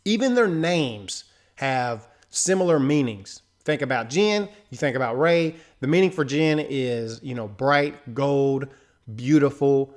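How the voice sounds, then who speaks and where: A man's voice: mid-range voice, expressive, unhurried. A man hosting a casual commentary video, talking loosely and conversationally with frequent filler asides. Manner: loose and conversational, fills with "right?" and "you know". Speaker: host. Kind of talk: casual commentary on a film trailer.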